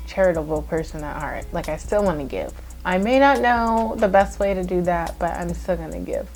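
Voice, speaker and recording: An earnest woman speaks straight to her viewers in a reflective vlog monologue. Her voice sits fairly low and turns a little emotional, with casual "like" fillers throughout. Faint music plays softly underneath. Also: moderate pace. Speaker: YouTuber.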